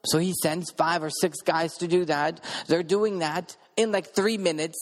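A man's voice: fairly high pitch, fairly even intonation, a little slow. Guy giving a sermon, telling his story all earnest, big hall echo on it. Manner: earnest, recounts events in vivid present tense with restarts. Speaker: preacher sharing a testimony.

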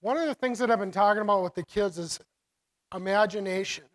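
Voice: medium pitch, fairly quick, rough recording. Preacher rambling thru a sermon, lots of um's and restarts, laughs a lot. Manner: rambling, many restarts and fillers, laughs often. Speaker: preacher teaching about the children's ministry.

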